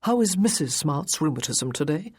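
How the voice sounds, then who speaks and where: A woman voicing a calm aristocratic gentleman. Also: sits low, normal speed, breathy edge, exaggerated voice. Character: composed, soothing aristocratic gentleman.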